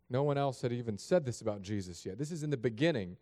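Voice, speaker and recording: A man's voice: mid-range voice, expressive, fast, few pauses, mellow. A man preaching a sermon in a chapel, praying and reading scripture in an earnest, plain-spoken way that speaks straight to the congregation. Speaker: pastor.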